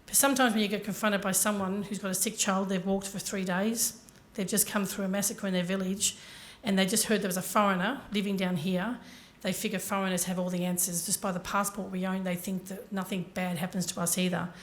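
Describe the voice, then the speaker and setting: A woman's voice: medium pitch, fairly even intonation, fairly quick, few pauses. A woman giving a motivational talk to a conference audience, telling her story earnestly and speaking directly to the listeners. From Ireland.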